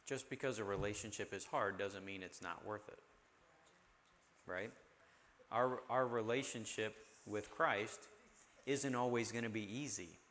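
A man's voice: on the low side, unhurried, long pauses, a bit bright, a little hiss or hum. A man hosting a faith discussion, affirming guests and teaching in a preacher's manner.

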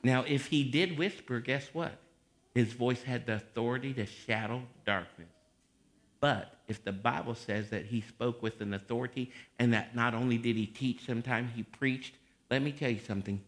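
A man preaching a fiery sermon as pastor, confrontational, swinging from mocking mutters to shouts. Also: medium pitch, moderate pace.

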